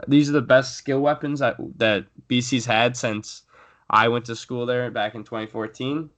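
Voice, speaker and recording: A man's voice: medium pitch, fairly bright tone. A young man co-hosting a casual sports podcast, rambling with fillers and restarts as he previews his team. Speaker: podcast co-host.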